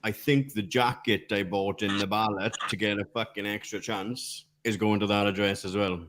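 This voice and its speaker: A man's voice: on the low side, steady tone, normal speed, a bit bright. Bantering podcast host, man. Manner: banter with swearing and laughs. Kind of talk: casual chat.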